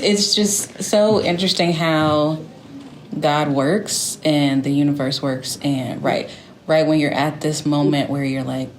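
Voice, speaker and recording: This is a woman with a low voice who talks slowly, musing on how things turned out during an interview. Her speech is unhurried and thoughtful. A faint hiss runs under the recording. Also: low-quality recording. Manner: reflective and musing. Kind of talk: reflective conversation.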